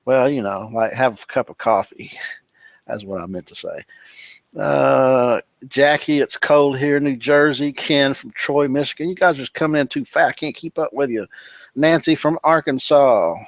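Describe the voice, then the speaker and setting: A man's voice: mid-range voice, moderate pace, gravelly, no room sound, muffled recording. Chummy man casually greeting viewers online. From from California. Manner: relaxed and chummy, calls people brother and dude. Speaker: webinar host. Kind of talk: casual live-stream chat reading out viewer greetings.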